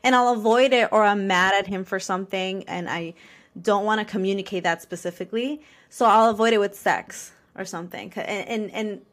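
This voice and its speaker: A woman's voice: mid-range voice, fairly quick. A young woman in a casual podcast chat, talking candidly and expressively about herself. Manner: candid and expressive, acting out her own reactions.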